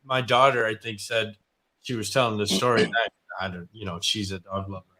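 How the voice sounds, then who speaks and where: A middle-aged man co-hosting a casual talk show, telling a story in an animated way and exclaiming in disbelief. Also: fairly low pitch, brisk. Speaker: co-host. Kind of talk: casual radio chat.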